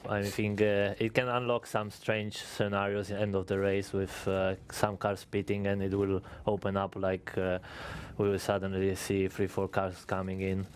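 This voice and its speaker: A man, a racing driver, answering a press conference question hesitantly with many pauses. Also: sits low, completely flat delivery, slight background noise.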